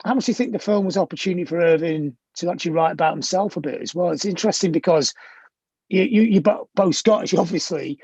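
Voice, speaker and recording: A man in his sixties interviewing a guest in a loose, halting way, often restarting his questions. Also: sits high, darkish tone, husky, no echo. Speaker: interviewer, music journalist.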